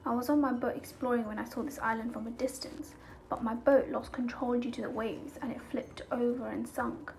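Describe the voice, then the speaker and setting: A woman's voice: a little high, fairly even intonation, moderate pace, creaky, darkish tone, a little hiss or hum. A woman reading the lines of a bewildered shipwrecked young man, in a confused, questioning way.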